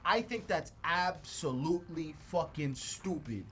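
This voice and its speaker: A man's voice: fairly high pitch, expressive, measured pace, slight background noise. A man co-hosting a podcast, talking in a casual, opinionated, slangy way. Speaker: podcast co-host. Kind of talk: casual pop-culture chat.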